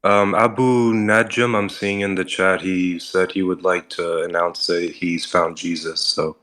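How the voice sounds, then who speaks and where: A man's voice: sits low, little pitch movement, a little slow, fairly bright tone. A man politely breaking in to relay a message from the chat, heard from a distance.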